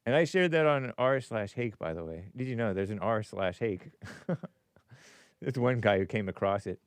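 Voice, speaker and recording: Guy doing a rambly sarcastic commentary show, voice jumps all over the place, clean and smooth. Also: on the low side, lively intonation, moderate pace, no room sound. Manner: laughs at his own remarks. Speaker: host. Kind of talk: casual commentary.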